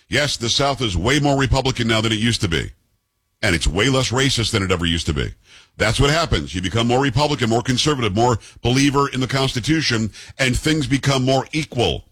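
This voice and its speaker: A man's voice: medium pitch, fairly bright tone, slightly rough, no echo. A man in his fifties hosting a political commentary show, combative and sarcastic, firing off rhetorical questions. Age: 50s.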